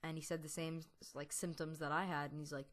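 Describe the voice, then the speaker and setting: A man's voice: on the high side, level tone, fairly quick, a bit bright. A teenage boy, a gaming YouTuber, telling a long story over gameplay, rambling with lots of fillers and restarts. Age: teens. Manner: laughs now and then while telling.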